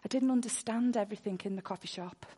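A woman's voice: medium pitch, quick pace, mellow, breathy edge. A woman preaching a sermon full of personal testimony, earnest, and she repeats words when she gets worked up.

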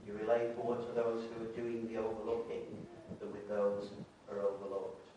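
A man preaching a Christmas sermon in a church, reading scripture and telling a story with earnest, measured delivery. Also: fairly low pitch, monotone, highs cut off. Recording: very echoey room, distant mic, audible noise.

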